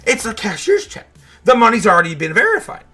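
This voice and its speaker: Bright-voiced man ranting casually. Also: sits high, wildly swooping pitch, brisk. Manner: frustrated, swearing, rambling. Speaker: host of a crypto show. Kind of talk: casual livestream rant.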